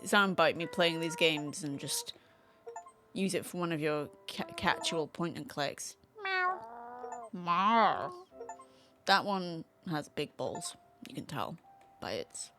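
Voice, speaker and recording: A woman's voice: low-pitched, normal speed, a bit bright, soft background music. A woman streaming a casual game from home, chatting playfully and talking to the cats on screen. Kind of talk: casual gameplay commentary.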